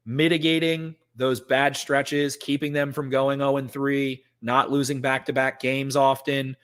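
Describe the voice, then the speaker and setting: A young male sports podcast co-host speaks with a medium-pitched, slightly bright voice. His casual sports talk is emphatic and ranting, with points repeated for effect.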